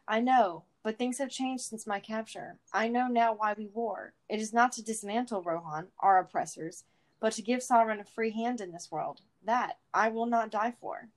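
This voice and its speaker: A woman voicing a gentle but firm young male soldier as she reads a story aloud, in an earnest, measured tone. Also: a little high, close to an everyday voice.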